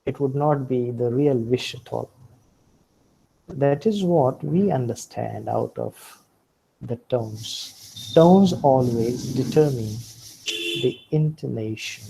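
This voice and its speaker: A man giving a recorded lecture on pronunciation, speaking deliberately, repeating example words and often starting points with "See". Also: mid-range voice, gravelly, dark tone, slight background noise, low-quality recording.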